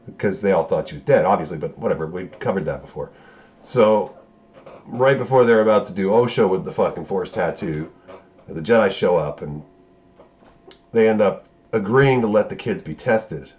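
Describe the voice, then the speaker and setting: A man's voice: deep voice, lively intonation, moderate pace, a little mellow, dull audio. A man giving a casual recap of a show episode, profane and sarcastic, breaking into incredulous outbursts. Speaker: show reviewer.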